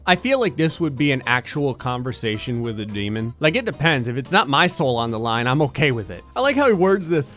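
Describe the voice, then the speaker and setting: A man's voice: mid-range voice, expressive, brisk, fairly bright tone, soft background music. A man giving sarcastic, joking let's-play commentary on a video game, laughing often. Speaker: gaming YouTuber.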